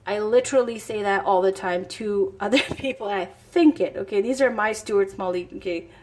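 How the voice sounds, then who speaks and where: Woman tarot reader, chatty and enthusiastic, mid-pitched, reads card texts aloud between casual asides. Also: normal speed, darkish tone.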